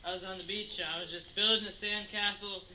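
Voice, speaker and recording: A man's voice: high-pitched, steady tone, brisk, reverberant, noisy background. A young man in his late teens telling a tall tale in a rambling, tongue-in-cheek way, full of "like". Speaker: storyteller. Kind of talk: casual comic storytelling.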